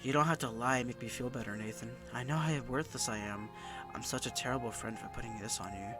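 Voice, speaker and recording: A sad, self-loathing teenage girl speaks in soft, faltering phrases, read aloud by a man in his own middle-pitched voice. Clear music plays under the game dialogue. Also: natural voice. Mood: sad, hesitant. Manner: soft, hesitant, halting. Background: background music.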